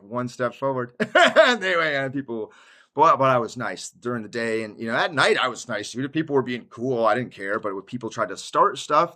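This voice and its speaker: Speaking in a pushed, bright voice of medium pitch, a man delivers a relaxed Christian testimony on YouTube. He rambles with slang, keeps saying "dude," and laughs in the middle of sentences.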